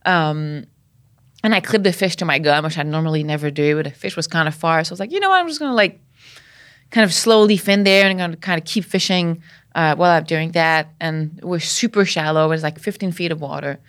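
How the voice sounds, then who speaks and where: A woman from Canada, a podcast guest, telling a story in a lively way, laughing often and acting out what people said. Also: low-pitched, brisk. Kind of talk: casual storytelling.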